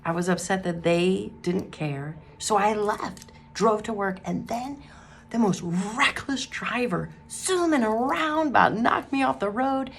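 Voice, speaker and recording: A woman's voice: mid-range voice, measured pace, vocal fry, slight background noise. A middle-aged woman giving a casual devotional talk, telling a story in a chatty way with laughter and acted-out quotes. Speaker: Christian radio host and ministry speaker.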